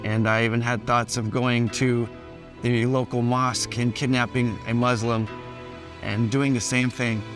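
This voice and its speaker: A man's voice: mid-range voice, little pitch movement, unhurried. Man remembering his dad's kidnapping, plain reflective talk, bit of music behind. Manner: reflective, plain-spoken, with some hesitations. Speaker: son of a hostage. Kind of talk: documentary interview testimony. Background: faint music.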